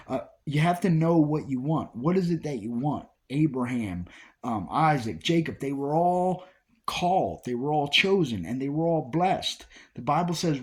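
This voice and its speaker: A man giving an informal Bible study talk, repeating key phrases with emphasis as he preaches. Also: mid-range voice. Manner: repetitive, emphatic preaching with restarts.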